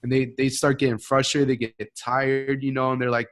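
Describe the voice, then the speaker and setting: A man's voice: medium pitch, little pitch movement, brisk. A man cohosting a live leadership Q&A, giving upbeat, motivational advice in numbered points. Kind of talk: live Q&A conversation.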